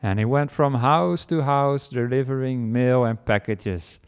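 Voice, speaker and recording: A man's voice: mid-range voice, unhurried, clean tone. A man, a Buddhist monk, giving a humorous dharma talk, telling a made-up story in a playful, self-mocking way. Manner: playful, self-mocking, acts out barking and chases.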